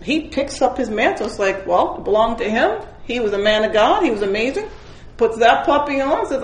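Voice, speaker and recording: Animated woman leading a Bible study. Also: on the high side, moderate pace. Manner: animated storytelling, acts out quotes, laughs often. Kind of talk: informal spoken devotional. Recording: roomy echoing room.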